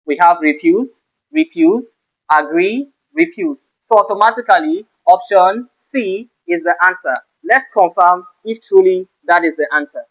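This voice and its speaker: Male tutor, high-pitched, punches stressed words, muffled lo-fi recording. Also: normal speed, few pauses. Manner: stresses key words sharply when giving examples. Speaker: English teacher. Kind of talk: exam-prep lesson. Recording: slightly dull lo-fi sound.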